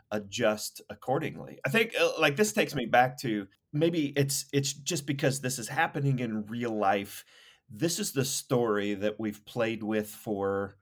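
A man co-hosting a podcast, talking through ideas casually and enthusiastically, with many fillers and restarts. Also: lowish voice. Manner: enthusiastic, thinking aloud with fillers. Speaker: podcast co-host. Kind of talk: casual conversation.

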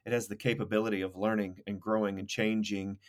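A man's voice: lowish voice, flat delivery, quick pace. A man co-hosting a podcast, talking through ideas casually and enthusiastically, with many fillers and restarts. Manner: enthusiastic, thinking aloud with fillers. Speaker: podcast co-host. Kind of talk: casual conversation.

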